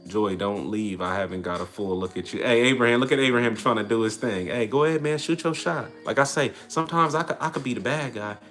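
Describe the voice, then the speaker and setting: A man's voice: mid-range voice, a bit bright. A young man, hosting a casual livestream and answering comments in a brash, slangy, trash-talking way. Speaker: livestream host.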